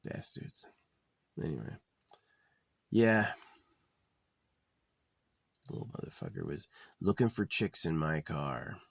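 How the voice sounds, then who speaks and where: A male vlogger in a loose, rambling monologue, swearing freely and padding his talk with fillers. His voice is extremely low and gravelly with a lot of fry. The sound is close and dry. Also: very animated, slow, long pauses, no room sound. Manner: rambling and profane, with many fillers. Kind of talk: casual vlog monologue.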